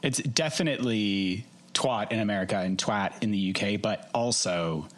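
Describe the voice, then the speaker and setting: A man's voice: lowish voice, normal speed, a bit bright. A man chatting casually as a podcast guest, laughing often and restarting his sentences.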